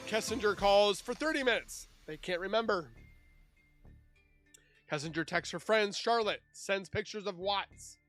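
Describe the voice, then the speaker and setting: A man's voice: high voice, a bit bright, dry recording. A man reading through a case timeline and breaking in with sarcastic, scornful asides in casual commentary. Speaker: true crime YouTuber.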